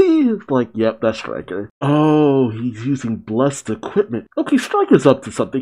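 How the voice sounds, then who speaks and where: A man's voice: medium pitch, dark tone. A man hosting a reaction video, talking casually, often laughing, exclaiming and swearing.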